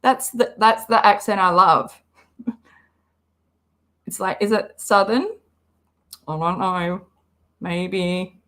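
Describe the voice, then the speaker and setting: A woman's voice: lowish voice, fairly even intonation, slow, pauses often, a bit bright. A woman hosting a live reaction stream, chatting casually and rambling as she reads the chat aloud. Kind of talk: casual livestream commentary.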